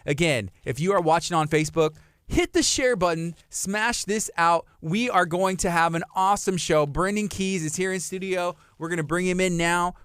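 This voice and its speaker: Man, radio host, from Texas, upbeat and chatty, fairly high smooth voice, dry studio sound. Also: a bit bright, no echo. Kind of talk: casual live radio chat.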